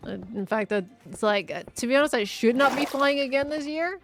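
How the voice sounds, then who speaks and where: A young woman streams and chats in a loose, rambling way, answering her chat and laughing easily. Her voice sits a little high. Quiet music plays faintly under her talk. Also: animated, a little fast. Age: 20s. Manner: rambling, chatty, laughs often, reads chat aloud. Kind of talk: casual live-stream chat.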